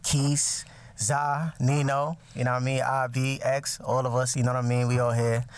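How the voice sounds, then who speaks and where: A man's voice: medium pitch, level tone, normal speed, clean tone, no echo. A man who is a rapper and a guest on a podcast, talking in a laid-back, casual way with lots of filler phrases.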